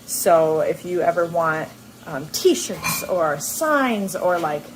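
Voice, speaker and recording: A woman's voice: fairly low pitch, animated, slow pace, noisy background. Chatty young woman vlogging at home. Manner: chatty, laughs often, many ums and likes. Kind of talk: casual vlog storytelling. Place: at home indoors. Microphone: handheld camera on a gimbal.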